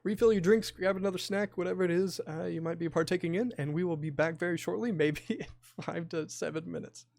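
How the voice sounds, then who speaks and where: A man's voice: high-pitched, brisk, creaky, a little mellow, no room sound. A man narrating a tabletop horror game as game master, with many hesitant fillers.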